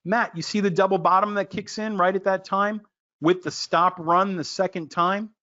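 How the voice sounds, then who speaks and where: An excitable man with a fairly high voice runs a trading lesson. He gets loud, jokes around and calls on his listeners by name. The recording sounds dull and lo-fi. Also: normal speed. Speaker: trading educator. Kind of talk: animated screen-share trading lesson.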